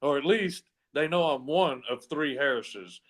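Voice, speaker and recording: A man's voice: a little high, expressive, measured pace. A man telling a long story in casual chat, rambling with lots of "and anyway" fillers and easy swearing. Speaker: comedy podcast co-host telling a story.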